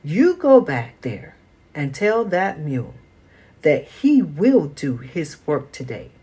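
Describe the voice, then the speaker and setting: Stern old grandpa farmer woman doing him, scolding, slow, bit husky. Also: sits low, sing-song, mellow, heavily acted.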